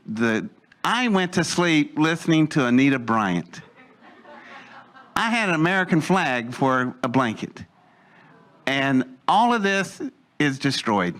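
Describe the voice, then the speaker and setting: A man in his sixties telling a first-person story in an animated way, laughing as he talks and jumping higher in pitch when excited. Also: slow, long pauses. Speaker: eyewitness storyteller.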